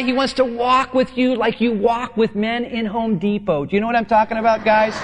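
A man's voice: extremely high pitch, a bit bright. A male pastor preaching a sermon in a conversational, playful way, acting out bits of dialogue. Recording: long hall reverb.

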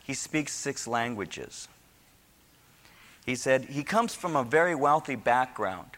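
A man's voice: medium pitch, animated, takes it slowly, a bit bright. A male pastor preaching a sermon in a folksy way, with joking asides that turn into fervent preaching. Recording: long hall reverb.

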